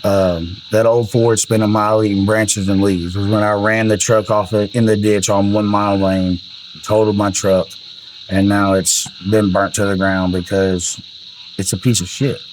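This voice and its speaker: A man's voice: lowish voice, level tone, moderate pace, a little hiss or hum, poor audio. Folksy man telling rowdy stories. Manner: rambling, profane, folksy. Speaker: country singer telling album stories. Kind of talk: casual storytelling.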